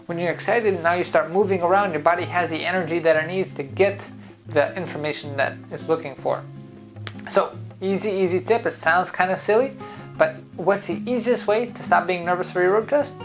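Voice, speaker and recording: A man's voice: high voice, fairly quick, music in the background, poor audio. A man who founded a driving school gives an upbeat, coaching talk straight to his viewers. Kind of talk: motivational talk to camera.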